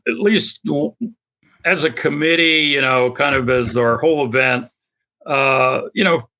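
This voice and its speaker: An older man speaking as an interview guest, earnest and halting, with many fillers and repeated starts. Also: mid-range voice, bright, forceful tone. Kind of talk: conversational interview.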